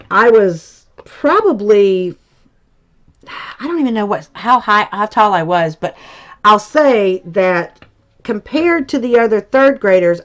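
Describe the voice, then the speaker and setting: A woman and high school teacher chatting casually as she tells a story from her childhood, rambling and full of filler words. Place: home crafting space. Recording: dull lo-fi recording.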